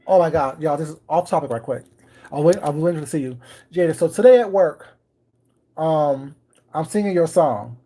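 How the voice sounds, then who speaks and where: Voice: medium pitch, a little fast, warm tone. A chatty livestream host talks casually to viewers from a home kitchen while something bakes. The delivery is wry and ironic, with viewers greeted by name along the way.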